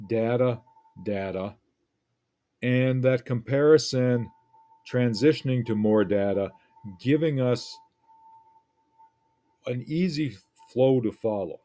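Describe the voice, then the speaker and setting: Slow, reflective male writing teacher. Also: on the low side, mellow. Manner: deliberate, reflective, pauses often. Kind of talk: lesson analyzing an essay.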